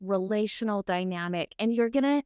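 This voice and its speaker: This is a podcast co-host, a woman with a mid-range, slightly mellow voice at a moderate pace. She chats casually and tells a personal story, acting out back-and-forth dialogue and often asking "right?" The recording is dry, with a clean studio sound and clean tone.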